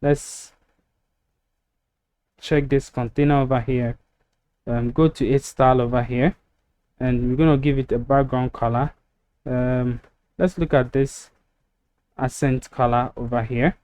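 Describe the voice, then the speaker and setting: Guy explaining a web design tutorial over his screen, warm low-key voice, lots of um and so. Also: clean tone. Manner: step-by-step, filler-heavy with frequent ums. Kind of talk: screen-recorded software tutorial.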